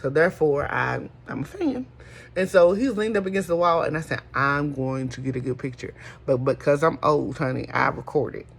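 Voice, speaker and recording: Middle-aged lady, folksy casual chat, raspy husky voice. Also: sits low, moderate pace. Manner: chatty, folksy, calls listeners honey. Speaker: host.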